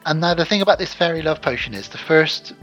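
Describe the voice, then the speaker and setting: A man co-hosting a casual film chat, animated and acting out lines from the film in put-on voices. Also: fairly high pitch, fast, soft background music, low-quality recording. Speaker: podcast co-host.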